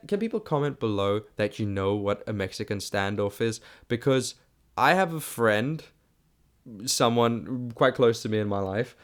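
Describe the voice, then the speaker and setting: A South African man hosting his own podcast, giving a rambling, chatty solo movie review and often restarting his sentences. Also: mid-range voice. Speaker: podcast host.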